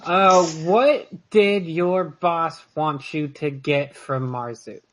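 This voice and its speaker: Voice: medium pitch, takes it slowly, a little hiss or hum. Player asking plain questions. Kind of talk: playing a tabletop role-playing game.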